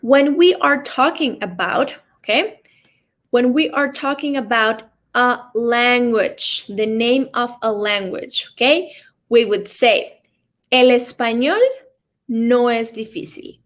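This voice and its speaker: A woman teaching an online language class, explaining slowly and checking in often with "okay?". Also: on the high side, a bit bright. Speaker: Spanish teacher.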